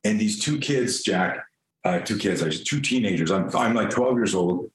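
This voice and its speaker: A man's voice: lowish voice, moderate pace, a little hiss or hum. Roomy-sounding older man telling stories. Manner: animated, self-mocking, swears freely. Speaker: guest. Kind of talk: casual storytelling. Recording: roomy echo.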